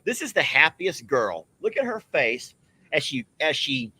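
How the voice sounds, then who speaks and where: A man's voice: fairly high pitch, big pitch swings, unhurried, pushed and bright, slightly rough. A man hosting a casual livestream outdoors on a farm, chatty and teasing. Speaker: livestream host.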